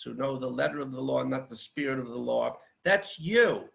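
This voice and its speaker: A man's voice: mid-range voice, expressive, moderate pace, gravelly, hardly any pauses, fairly bright tone, low-quality recording. A man speaking at a seminar in a fiery, declamatory, rhetorical way. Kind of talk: impassioned seminar talk.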